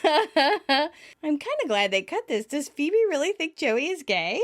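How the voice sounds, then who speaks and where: A woman's voice: sits high, sing-song, unhurried. A woman co-hosting a podcast, chatting casually and giggling as she retells scenes. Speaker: podcast co-host. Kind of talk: casual recap chat.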